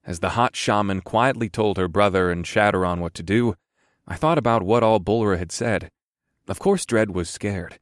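Low-voiced male audiobook narrator. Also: dry recording, studio quality. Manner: measured, wry storytelling. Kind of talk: scripted first-person fantasy narration.

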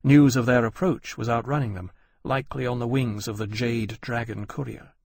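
Husky guy narrating a novel, dry close mic, steady mid voice. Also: medium pitch, no echo. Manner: measured, descriptive storytelling. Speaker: audiobook narrator. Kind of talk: scripted narration.

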